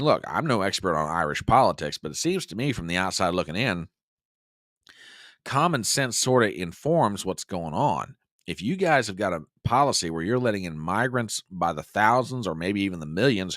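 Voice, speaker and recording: A man's voice: fairly low pitch, a bit bright, no echo, clean studio sound. An American man hosting a political commentary live stream, reading news aloud and reacting with indignation. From United States. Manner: indignant, reads news aloud and mocks quotes. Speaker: host.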